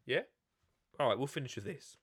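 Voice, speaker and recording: In a laid-back live video chat, a gardening presenter and author talks jokily about his book despite having a cold, wandering off and restarting a lot. His mid-range voice is animated and fairly quick, a bit bright with a slight roughness.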